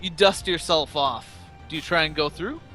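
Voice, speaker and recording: A man's voice: a little high, moderate pace, sharp tone, soft background music. A man running a tabletop game as game master, describing scenes and rulings in an easygoing way with many fillers. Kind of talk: narrating a tabletop game over voice chat.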